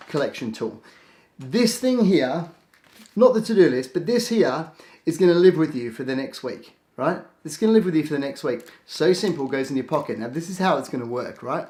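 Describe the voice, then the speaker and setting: A man teaching a productivity tip in a casual, lively way, acting out his own thoughts in quick asides. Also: a little high. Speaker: productivity coach. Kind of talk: casual instructional talk to camera. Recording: echoey room.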